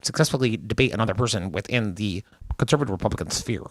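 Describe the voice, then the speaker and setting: A man's voice: on the low side, lively intonation, fast talker, pitched below the performer's own voice. A man putting on a lisping, lecturing impression of a smug male conservative debater, talking down to his listener. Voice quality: lisp. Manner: lecturing, condescending.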